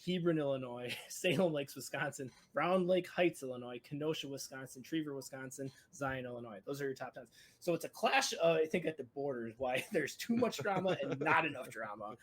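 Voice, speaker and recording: A man hosting a casual racing podcast, excitable, laughing often and stumbling over his words. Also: mid-range voice. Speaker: podcast host.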